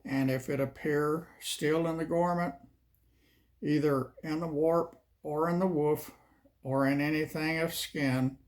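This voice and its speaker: A man reading scripture slowly and measuredly, then chatting casually as host. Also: on the high side. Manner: slow, measured delivery. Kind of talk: Bible reading and casual chat.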